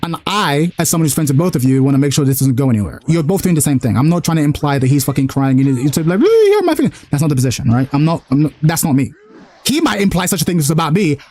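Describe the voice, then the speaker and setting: A young man hosting a stream, talking fast and animatedly, arguing his point and acting out quotes in casual chat. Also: fairly high pitch, a little mellow. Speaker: streamer host.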